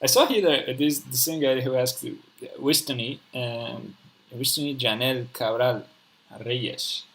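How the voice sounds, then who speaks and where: A man's voice: mid-range voice, unhurried, a bit bright, low-quality recording. Hesitant man with a mid-range voice. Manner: hesitant, many fillers and restarts. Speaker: live stream host. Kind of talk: casual conversation.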